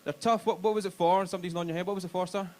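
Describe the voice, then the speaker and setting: A man's voice: sits high, steady tone, racing, darkish tone. A young Glaswegian man doing stand-up in a comedy club, crude and self-mocking, working the crowd. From Scotland.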